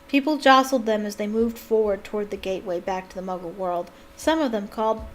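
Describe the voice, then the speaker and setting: A woman reading a novel aloud for online viewers, breaking off into animated, exclaiming asides. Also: mid-range voice, fairly quick, a little hiss or hum. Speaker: YouTube reader.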